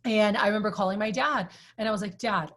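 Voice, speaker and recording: A woman in her thirties, chatty and animated, telling a personal story to a group, with many "like"s. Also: medium pitch, fast. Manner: chatty, animated, says "like" often. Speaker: sales trainer.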